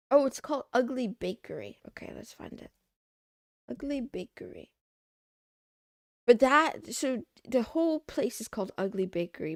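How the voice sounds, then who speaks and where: A young woman chatting on a livestream, her slightly high voice full of creaky fry. She rambles as she browses, thinks out loud and trails off mid-thought. The sound is dry and close to the mic. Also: no echo. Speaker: streamer. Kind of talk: casual livestream chat.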